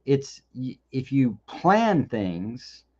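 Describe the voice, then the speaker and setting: A man's voice: medium pitch, big pitch swings, extremely slow, mellow, slightly rough, lo-fi sound. A man hosting a live question-and-answer session, talking in a loose conversational way with frequent restarts and repeated words. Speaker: host. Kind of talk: live Q&A talk.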